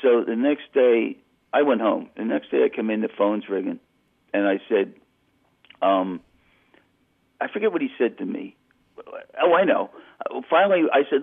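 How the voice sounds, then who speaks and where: Gravelly-voiced man storytelling over a phone line. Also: mid-range voice, normal speed, pauses often. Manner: animated anecdote with acted-out quotes. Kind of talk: storytelling on a call-in radio show.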